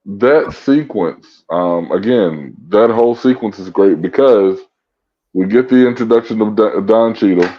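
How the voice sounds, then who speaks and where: A man co-hosting a podcast in casual chat, enthusiastic and quick to laugh. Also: fairly low pitch. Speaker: podcast co-host. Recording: dull lo-fi audio.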